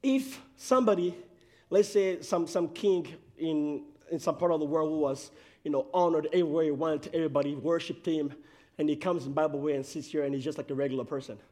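A man's voice: fairly high pitch, brisk, a little mellow. A man preaching a sermon in an emphatic way, raising his voice for emphasis.

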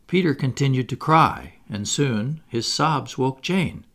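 A man narrating a classic storybook aloud in an expressive reading voice. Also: mid-range voice, unhurried. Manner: expressive, wide-ranging. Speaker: audiobook narrator.

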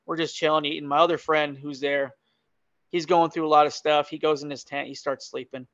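A man telling a story as a podcast guest in casual, animated chat, often laughing. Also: fairly high pitch, a little fast, no room sound, muffled recording.

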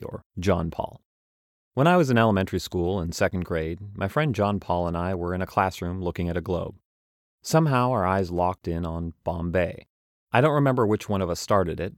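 A man's voice: deep voice, no room sound, clean studio sound. A young man narrating his travel journal aloud, wry and self-mocking.

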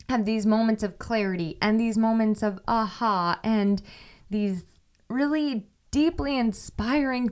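A woman's voice: medium pitch, clear, resonant tone. A woman hosting a solo podcast, talking in a candid, reflective way and thinking aloud with small restarts. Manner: candid, reflective, talks things through with restarts. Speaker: podcast host.

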